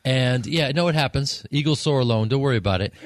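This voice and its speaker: A man from Chicago, a comedian guest, chatting in a rambling, self-mocking way on a radio show. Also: medium pitch. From Chicago, USA. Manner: rambling, self-mocking, quick to slip into voices. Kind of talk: casual radio interview chat. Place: radio studio.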